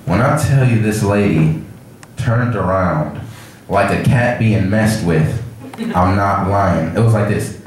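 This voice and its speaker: A man's voice: deep voice, slow. A young man at an open mic doing stand-up, telling a rambling story and acting out the people in it. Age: young adult. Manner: rambling, animated, acts out characters. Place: cafe open mic night. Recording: echoey cafe with crowd noise.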